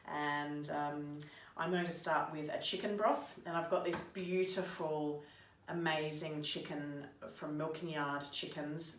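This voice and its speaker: Chatty low-voiced woman vlogger. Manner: chatty and upbeat, addresses viewers directly. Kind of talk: casual video diary.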